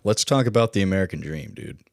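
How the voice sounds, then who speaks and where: Low analytical male podcast host. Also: animated, fast talker, creaky, darkish tone. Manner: analytical, leads with questions. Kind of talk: casual film discussion.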